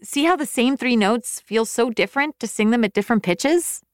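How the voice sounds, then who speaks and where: A woman's voice: a little high, expressive, normal speed, smooth, dry recording, studio quality. A woman hosting a music lesson for kids, encouraging viewers at home to sing along. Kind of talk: upbeat kids' music lesson.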